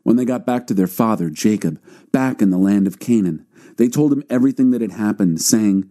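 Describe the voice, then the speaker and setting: A man with a fairly low, very mellow and dark voice reads scripture aloud. His narration is calm and measured, paced for quiet listening. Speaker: audio Bible reader.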